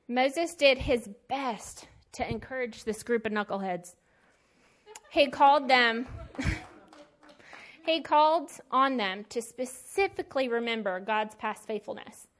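A woman's voice: on the high side, a bit bright. A woman teaching a Bible lesson in a casual sermon style, conversational and emphatic with plain slangy asides.

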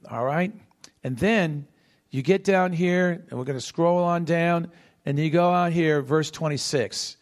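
A man's voice: on the high side, unhurried. A man preaching a sermon, teaching verse by verse and acting out the voices in the story while quizzing the congregation. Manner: animated, calls to the congregation with questions.

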